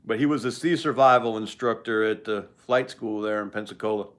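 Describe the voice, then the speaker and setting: A man's voice: fairly low pitch, fairly quick, a bit bright. An older man hosting a live stream, chatting casually with viewers in a rambling, joking way.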